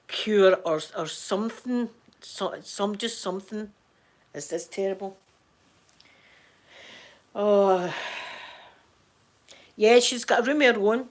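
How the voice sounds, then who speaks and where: Hoarse, halting Scottish woman. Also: medium pitch. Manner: halting, repeats words and restarts often. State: hoarse from crying. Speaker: vlogger talking to viewers. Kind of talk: casual chat.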